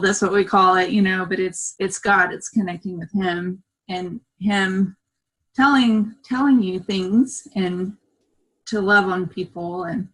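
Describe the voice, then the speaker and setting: A woman's voice: mid-range voice, poor audio. A woman on a video call telling a rambling personal story and acting out what she said back then. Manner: animated, rambling, acts out her own past words. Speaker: workshop participant.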